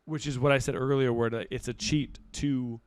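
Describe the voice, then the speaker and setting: A man's voice: medium pitch, steady tone, normal speed, smooth, no echo. A young man chats on a podcast in a loose, rambling way, filling gaps with "like" and "um". His voice sits mid-range, and the recording is dry and close with no room sound. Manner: laid-back, rambling with fillers. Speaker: podcast co-host and celebrity stylist. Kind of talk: casual chat.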